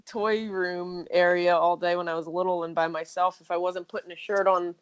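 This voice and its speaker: A woman's voice: lowish voice, steady tone, normal speed. A woman artist guesting on a podcast, chatting casually and painting while she talks. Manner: chatty, laughs often, painting while talking. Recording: dull, muffled sound.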